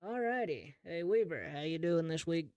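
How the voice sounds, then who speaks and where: A man running a tabletop game as game master, narrating in an easygoing, slow descriptive way. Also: a little high, lively intonation, darkish tone, no echo.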